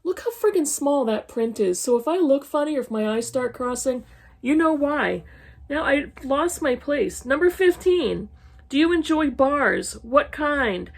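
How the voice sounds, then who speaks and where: A woman in her fifties from New England talks casually and frankly, with a slightly higher voice. She rattles through questions and drops sarcastic asides as she goes. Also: expressive, measured pace. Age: 50s. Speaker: book YouTuber. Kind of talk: casual chat answering tag questions. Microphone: camera mic, reading from an e-reader.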